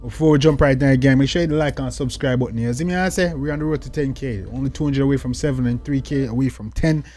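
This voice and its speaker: A man's voice: mid-range voice, quick pace, few pauses, darkish tone. A young man with a Jamaican accent hosting a music reaction, slangy and talkative, full of catchphrases. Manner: slangy, repeats "you see me" and "dog", exclaims with outbursts. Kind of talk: casual reaction commentary. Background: faint music.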